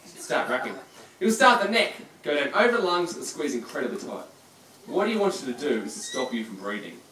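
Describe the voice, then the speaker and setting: A man's voice: fairly high pitch, big pitch swings, fairly quick, bright, forceful tone. A man presenting a live reptile show, teasing his audience and volunteer in a chatty, joking way. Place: large room with audience. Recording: echoey, distant, crowd noise.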